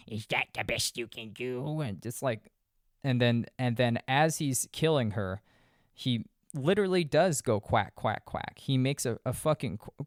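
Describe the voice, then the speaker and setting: A man's voice: mid-range voice, smooth, no echo, studio quality. A young man recapping a movie in loose, profane casual chat, full of fillers and restarts. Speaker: podcast host reviewing a movie. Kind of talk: casual rambling film recap.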